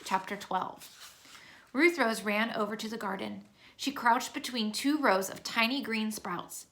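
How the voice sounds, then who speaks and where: Woman narrator for a kids' chapter book read-aloud: steady, clear delivery, bright tone. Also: on the high side, measured pace.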